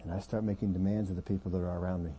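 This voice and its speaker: Low, husky-voiced male pastor. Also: flat delivery, very fast. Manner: earnest, drops quiet to make a point. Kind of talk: sermon. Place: church.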